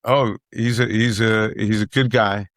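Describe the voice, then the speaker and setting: A man's voice: fairly low pitch, fairly even intonation, a little slow, a bit bright, no room sound, clean studio sound. A middle-aged man, a guest comedian telling stories in casual chat, who repeats phrases for emphasis and acts out what other people said.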